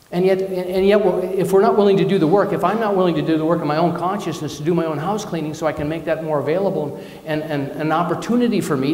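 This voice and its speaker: Male minister, slightly high voice, candid storytelling preacher who pokes fun at himself, recorded in a reverberant church hall. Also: a little mellow. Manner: candid, personal storytelling with self-deprecating asides. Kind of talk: conversational sermon. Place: church or spiritual centre hall. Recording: echoey hall with long reverb.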